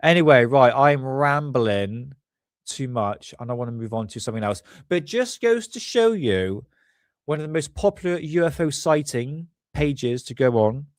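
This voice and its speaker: A man's voice: mid-range voice, lively intonation, moderate pace, no echo, clean studio sound. Rambling man with a stuffy nose. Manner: rambling, chatty, self-correcting. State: congested, stuffy sinuses. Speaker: livestream host. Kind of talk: casual livestream commentary.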